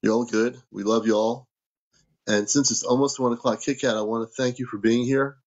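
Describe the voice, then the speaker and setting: A man's voice: medium pitch, fairly even intonation, a little fast, muffled recording. A man hosting a casual livestream from home, reading out viewer comments and thanking people for gifts. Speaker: livestream host.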